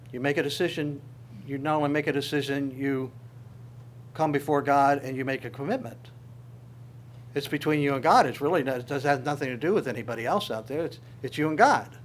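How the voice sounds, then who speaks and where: A man's voice: mid-range voice, slight background noise. A male pastor preaching a sermon, reading scripture aloud with his own commentary and asking the congregation rhetorical questions.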